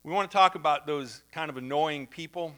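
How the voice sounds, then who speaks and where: A man's voice: fairly high pitch, fairly quick, bright, forceful tone, clear, resonant tone. A middle-aged man, who may be a pastor, giving a conversational sermon, telling stories and acting out the voices of the people in them. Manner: conversational, anecdotal, acts out quoted voices. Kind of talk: sermon storytelling.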